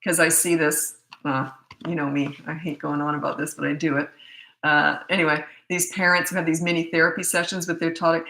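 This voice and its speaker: With a low, pushed, bright voice that barely moves in pitch, this middle-aged woman talks briskly in an echoey room. She's a parenting coach offering frank, conversational advice drawn from her family life.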